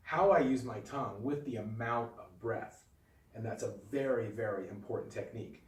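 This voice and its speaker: Calm man teaching in an echoey room. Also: medium pitch, moderate pace, recorded from a distance, music in the background. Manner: calm, patient, demonstrative explaining. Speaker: flute teacher. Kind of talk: instructional video lesson. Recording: echoey room, voice a bit off-mic.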